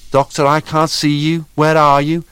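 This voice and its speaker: A man voicing a wary young woman who speaks in a tense, hushed way. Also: fairly high pitch, flat delivery, moderate pace, smooth, no echo, voice pushed up, natural voice. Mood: anxious. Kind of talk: audiobook character voice.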